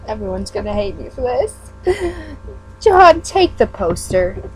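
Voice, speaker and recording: A woman's voice: mid-range voice, very animated, slow pace, a little mellow, soft background music, poor audio. A woman giving a casual read-aloud of a webcomic. She stumbles over words and breaks off into self-mocking asides. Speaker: fan reader.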